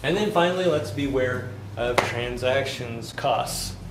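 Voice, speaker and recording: A man's voice: medium pitch, measured pace, noisy background. A man lecturing a finance class in a chatty way, telling stories and throwing questions at the students. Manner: chatty, tells anecdotes, quizzes the class.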